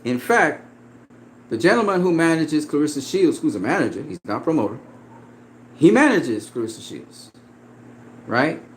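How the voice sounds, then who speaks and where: A man's voice: fairly high pitch, very animated, normal speed, pauses often, slight background noise. A man in a profane, confrontational casual rant about boxing, laughing often as he talks back at a critic. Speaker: boxing commentator.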